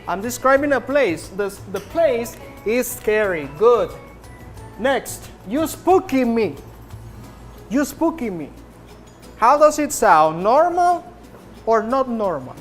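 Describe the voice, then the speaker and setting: A woman English teacher in a classroom, slowly repeating prompts and drilling her students. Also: on the high side, sing-song, soft background music. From Nicaragua.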